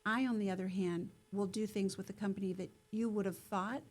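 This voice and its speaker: A middle-aged woman, a company CEO, telling her story as a guest in an interview, lively and acting out the voices of people she quotes. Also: fairly quick. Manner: animated, acts out quoted voices with rising pitch.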